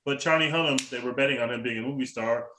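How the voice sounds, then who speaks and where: A man's voice: mid-range voice, fast, sharp tone, slight background noise, poor audio. A man co-hosting a podcast in casual chat, blunt and opinionated, stumbling over repeated words. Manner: blunt, opinionated, stammering restarts. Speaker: podcast co-host.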